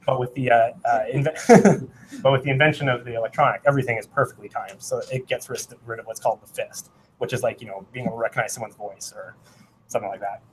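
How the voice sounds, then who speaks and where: A man talks a small meetup audience through a hands-on gadget demo at a middling pitch. His talk is loose and rambling, full of "um"s and restarts. Now and then he sings out rhythms as he goes. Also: fairly even intonation, fast, a little hiss or hum, low-quality recording. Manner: rambling, many fillers and self-corrections, sings out Morse rhythms. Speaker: meetup presenter. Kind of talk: casual technical talk with live demo. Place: meetup room.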